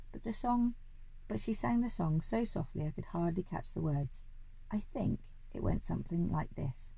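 A woman's voice: on the low side, creaky, dark tone, slightly rough, poor audio. A woman reading a children's story aloud expressively, now and then correcting small slips.

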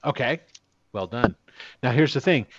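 A man's voice: mid-range voice, moderate pace, highs cut off, a little hiss or hum. A man running a tabletop game as game master, casually narrating and acting out the guards. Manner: animated, swearing, acts out orc guards.

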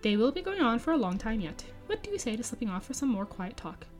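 A woman reading the lines of a spry, sharp-tongued elderly male hobbit poet, cheeky and snarky. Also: fairly high pitch, very animated, fast talker, faint music behind. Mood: cheerful. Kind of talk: audiobook-style reading of dialogue.

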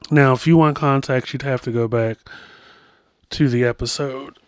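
A man's voice: mid-range voice, steady tone, moderate pace, clean tone, no room sound, clean studio sound. Chatty man hosting a podcast. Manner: chatty and rambling, full of asides. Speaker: podcast host. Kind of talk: casual commentary.

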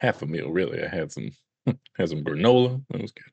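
Low gravelly joking man. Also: fairly quick, no echo. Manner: joking, deadpan asides, does voices. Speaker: co-host. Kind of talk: casual podcast chat.

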